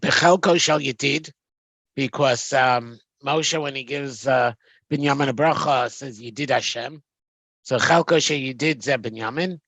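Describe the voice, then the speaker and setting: A man leads a text-study lesson, reading phrases aloud and then explaining them, often pausing on ums and restarting his sentences. His voice sits a little high for a man. The recording is dry and close, with no room sound. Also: a bit bright, dry recording. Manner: reads Hebrew phrases then translates, hesitant with frequent ums. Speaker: Torah teacher.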